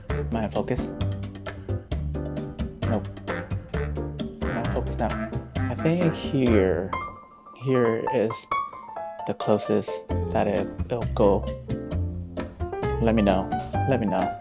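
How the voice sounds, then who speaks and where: Upbeat man reviewing a camera lens. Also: fairly low pitch. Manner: upbeat, slangy and excitable. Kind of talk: casual vlog review.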